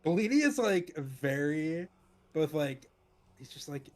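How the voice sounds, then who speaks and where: A man's voice: on the high side, expressive, measured pace, a little mellow. A man playing a tabletop role-playing game, speaking hesitantly with restarts and laughs. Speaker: player.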